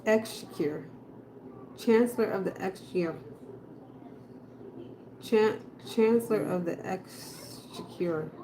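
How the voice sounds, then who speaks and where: A woman in a casual reaction video, slowly repeating a hard word and laughing at herself. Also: fairly low pitch, noisy background. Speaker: tarot reader and video creator.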